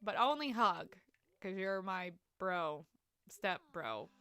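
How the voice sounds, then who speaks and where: A woman's voice: mid-range voice, expressive, takes it slowly, bright, forceful tone, clear, resonant tone, dry recording. A young woman streaming a life-sim game, chatting to her viewers in a rambling, laugh-filled way. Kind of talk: casual live-stream chat.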